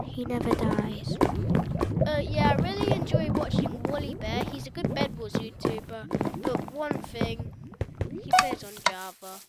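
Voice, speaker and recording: A high-pitched woman with a British accent talks loosely into the camera for her gaming vlog, wandering from point to point and stopping to fix her own numbers. Her voice sits under a heavy layer of loud background noise. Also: lively intonation, unhurried. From United Kingdom. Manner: rambling, hesitant, self-correcting with many ums. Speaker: YouTuber. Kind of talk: casual gaming vlog chat.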